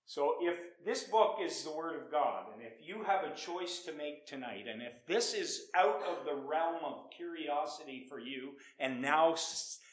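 A man preaching an evangelistic sermon, emphatic, swinging from loud declarations to hushed tones and often repeating himself. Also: a little high, lively intonation, measured pace, hardly any pauses. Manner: repeats words, restarts often.

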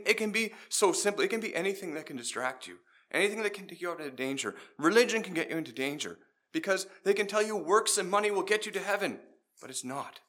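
A middle-aged man preaching an evangelistic sermon, telling a story and then urging his listeners, swinging between loud pleading and quiet emphasis. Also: fairly high pitch.

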